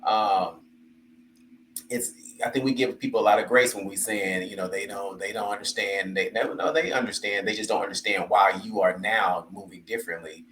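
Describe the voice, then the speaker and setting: A man hosting a relaxed talk show, thinking out loud with easygoing, filler-laden phrasing. His voice sits fairly low. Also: normal speed, roomy sound, poor audio. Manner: easygoing and reflective, with frequent fillers. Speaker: host. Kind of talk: casual chat.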